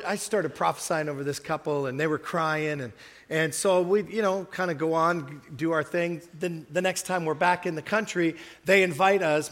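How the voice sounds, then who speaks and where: High-voiced older man preaching in a hall. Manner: animated, rising to loud emphatic bursts, acts out the people he quotes. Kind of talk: sermon with storytelling.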